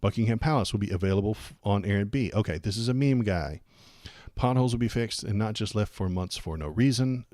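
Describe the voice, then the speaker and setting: A man's voice: fairly low pitch, brisk, mellow, dry recording, studio quality. A man hosting a live political stream, reacting in casual, rambling commentary that turns sarcastic and slips into muttered curses.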